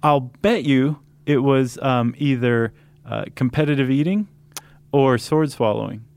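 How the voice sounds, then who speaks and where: A man's voice: mid-range voice, measured pace, creaky, darkish tone, no room sound. A man co-hosting a podcast in casual chat, joking and rambling with lots of fillers and restarts. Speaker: podcast co-host.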